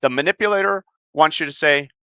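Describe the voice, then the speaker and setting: A man talks on a podcast in a blunt, emphatic way and swears freely. His voice is forceful and bright. The sound is dry and a little dull. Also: on the high side, a little fast, clear, resonant tone, no room sound. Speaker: podcast co-host and life coach. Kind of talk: casual podcast talk.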